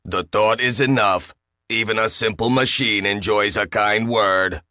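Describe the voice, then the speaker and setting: Bossy, sarcastic machine with a slight accent, voiced by a man; lowish, dry delivery. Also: steady tone, measured pace, pushed and bright, no room sound. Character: bullying, smarmy talking disruptor machine.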